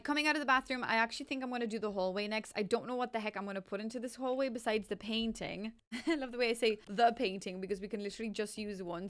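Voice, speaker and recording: A woman's voice: fairly high pitch, a bit bright. Chatty woman narrating a game build. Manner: chatty, self-amused, thinking aloud while counting items. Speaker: game builder and channel host. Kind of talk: casual gameplay commentary.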